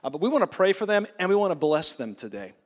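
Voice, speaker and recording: A man's voice: sits high, sing-song, fast talker. A man, the church's pastor, addressing his congregation in an encouraging way with frequent fillers. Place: church sanctuary. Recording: long church hall reverb.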